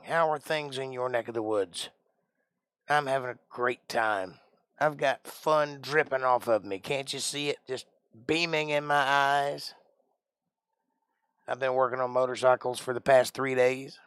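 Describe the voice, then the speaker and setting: Smooth-voiced joking male stream host. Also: medium pitch, moderate pace, fairly bright tone, no echo. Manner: joking, puts on an odd made-up accent. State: tired. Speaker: livestream host. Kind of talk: casual live-stream chat.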